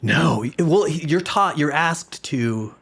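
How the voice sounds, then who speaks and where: A man telling a long story in a casual podcast conversation, with many fillers and restarts. He laughs often and drops soft and quiet for the reflective parts. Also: a little high, expressive, takes it slowly, gravelly, breathy edge.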